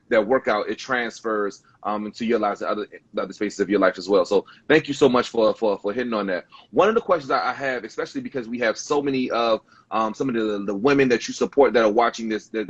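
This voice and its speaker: A male host speaks thoughtfully and affirms his guest, often restarting his phrases. His voice is a little husky at a middle pitch. The audio is dull and lo-fi. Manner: thoughtful, affirming, repeats words. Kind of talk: livestream interview.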